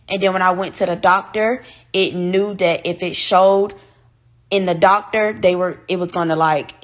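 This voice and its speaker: Here a woman vlogger recounts a personal story for her audience, her voice at medium pitch. She comes across as upset and near tears, talking bluntly and animatedly with plenty of cursing.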